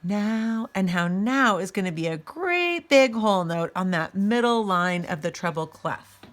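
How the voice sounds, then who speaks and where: A woman's voice: medium pitch, expressive, a little slow. A woman music teacher giving a recorded lesson, patiently explaining step by step and speaking straight to her students.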